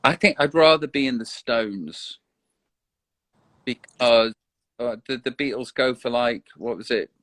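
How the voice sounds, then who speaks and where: A man chats casually on a live online stream. He hesitates and restarts his sentences often. His voice sits at a middling pitch, and the sound is dry and close. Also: unhurried, pauses often, fairly bright tone, no echo. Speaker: guest. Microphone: online live video call.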